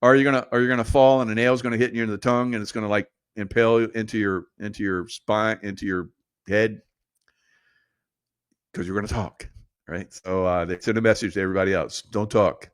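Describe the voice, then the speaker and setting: A man's voice: on the low side, steady tone, brisk, smooth, no echo, studio quality. A middle-aged man telling a casual, rambling story with a conspiratorial edge and frequent laughs. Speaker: podcast host.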